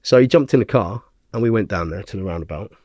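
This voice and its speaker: A man's voice: on the low side, quick pace, a little mellow, no room sound, studio quality. A man, a podcast guest, telling a tense story in a blunt way, swearing heavily as he goes.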